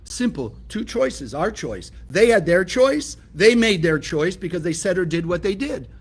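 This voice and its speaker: A man's voice: high voice, sing-song, measured pace, husky. A man from California teaching a spiritual lesson, emphatic and often asking his listeners rhetorical questions. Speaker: Kabbalah teacher.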